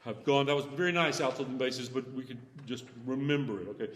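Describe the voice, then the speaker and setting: A male choir director coaching singers in rehearsal, talking softly between sung demonstrations and laughing often. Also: mid-range voice, fairly quick, a little hiss or hum. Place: large echoey rehearsal hall with choir. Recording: roomy hall recording from a distance, choir and piano behind.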